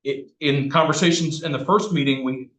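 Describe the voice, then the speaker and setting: A man chairing a town planning board meeting, brisk and reading out agenda items. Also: fairly high pitch, fairly even intonation, a bit bright. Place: municipal meeting room. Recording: echoey meeting room.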